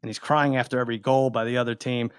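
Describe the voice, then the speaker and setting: A middle-aged man co-hosting a podcast, telling an animated, exasperated story in casual chat. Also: mid-range voice, fast, clear, resonant tone, no echo, studio quality. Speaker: podcast co-host.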